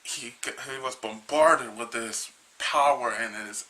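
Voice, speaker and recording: Bright-voiced man rambling through a comic. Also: medium pitch, low-quality recording. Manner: rambling, halting, with many restarts. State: a little tired. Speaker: comic book reviewer. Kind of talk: casual retelling of a comic.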